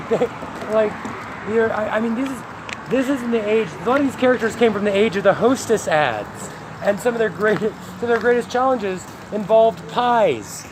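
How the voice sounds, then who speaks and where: A man's voice: sits high, expressive, moderate pace, noisy background. A man co-hosting a casual comedy podcast, playful and joking. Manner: playful, joking, laughs often. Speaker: guest co-host.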